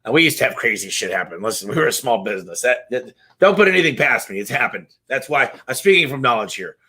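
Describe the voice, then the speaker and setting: A fired-up man on a live stream, telling stories in an animated, casual way. His voice is bright and forceful and pushes hard through each point. He swears casually and slides straight from one anecdote into the next. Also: medium pitch, quick pace, breathy edge. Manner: energetic, passionate, swears casually. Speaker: business owner hosting a live Q&A.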